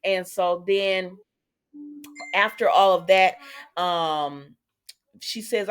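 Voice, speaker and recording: A woman's voice: fairly low pitch, measured pace. A woman hosting a casual soap opera recap, chatting to her viewers and retelling each scene through quoted lines.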